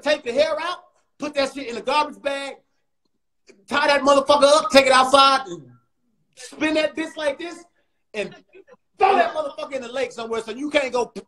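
A man hosting a comedy livestream, throwing loud, mocking, profane insults at another guy. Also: extremely high pitch, rough recording. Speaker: comedian host.

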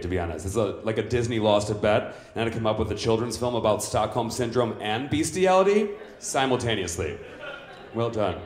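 A man's voice: fairly low pitch, a little mellow, lightly acted. A man playing a boastful, vain macho villain at a live stand-up roast, brash and crudely insulting everyone in turn. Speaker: roast comedian in character. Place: comedy club stage. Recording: roomy club sound.

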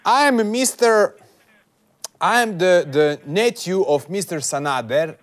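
A man's voice: high voice, animated, slow. A man with a Croatian accent making a prank phone call in broken, hesitant English full of filler sounds. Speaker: prank caller.

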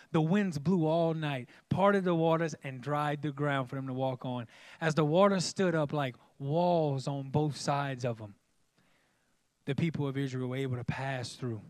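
Pastor preaching, folksy and emphatic, kinda high voice, dry close sound. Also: male voice, normal speed, dry recording. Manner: emphatic and folksy, repeatedly calling out to the congregation. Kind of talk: sermon.

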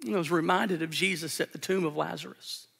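A man's voice: on the high side, a little fast, vocal fry, fairly bright tone, breathy edge. A male pastor preaching an earnest, emphatic sermon, repeating phrases for weight, recorded live in a church sanctuary. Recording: long church hall reverb.

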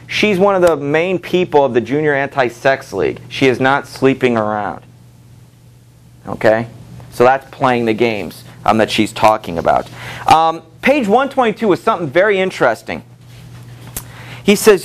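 A middle-aged man teaching a high school literature class in a casual, conversational way, full of fillers and quick checks with the students, reading quotes aloud with lively jumps in pitch. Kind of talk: classroom lecture.

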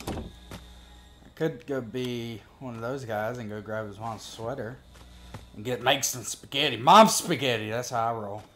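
A man's voice: mid-range voice, moderate pace, noisy background. A man giving casual, profane gameplay commentary as a gaming video creator, joking and talking to himself as he plays.

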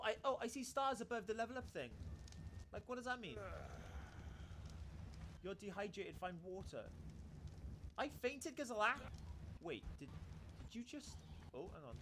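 A man giving excitable let's-play commentary while he plays, exclaiming and swearing often. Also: very high voice, slight background noise. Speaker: gaming YouTuber.

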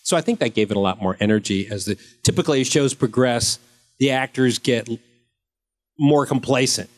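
A man's voice: mid-range voice, fairly quick. A man in his fifties, an actor at a convention panel, answering fan questions with rambling, joking anecdotes.

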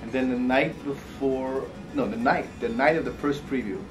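A man telling a lively anecdote about a friend in an interview, speaking casually and getting worked up as he goes. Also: mid-range voice, normal speed, music in the background, low-quality recording. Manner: animated storyteller, builds to excitement. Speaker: friend and colleague.

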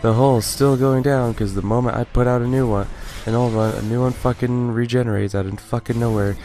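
A man's voice: medium pitch, steady tone, a little fast, warm tone. A young man doing let's play commentary, swearing constantly and ranting in exasperation at the game. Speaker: gaming YouTuber. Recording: faint game music behind. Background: game music.

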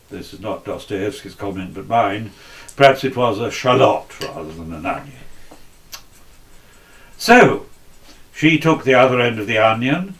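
A male preacher delivering a sermon slowly and deliberately. His pitch swings widely as he tells the story, which makes the delivery vivid and expressive.

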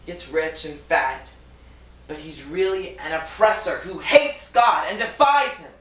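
A woman's voice: low voice, animated, a little slow, fairly bright tone. A woman playing Job's friend, a lecturing, reproachful older woman in a stage play, recorded in an echoey room from far off.

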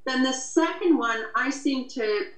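A woman student asking her teacher a question in a hesitant, halting way. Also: high-pitched. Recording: echoey room, far from the mic.

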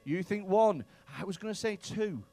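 A man's voice: sits high, moderate pace, dark tone. A male stand-up comedian in a comedy club, doing profane, bantering crowd work with mock outrage.

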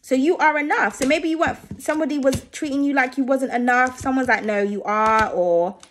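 High-voiced woman giving a chatty tarot reading. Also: fairly quick, slight background noise. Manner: chatty and reassuring, with frequent "okay?" and "I feel like". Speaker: tarot reader. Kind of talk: casual tarot reading for viewers.

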